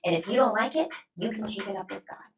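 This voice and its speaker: A woman guest, a New Testament scholar, explaining scripture in an emphatic, expressive way and acting out quoted speech. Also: medium pitch, fast, a little hiss or hum, poor audio.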